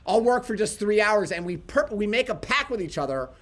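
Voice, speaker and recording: A man co-hosting a casual livestream, telling animated stories and quoting himself along the way. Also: sits high, fairly quick. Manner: animated storytelling, quotes himself. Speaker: livestream co-host.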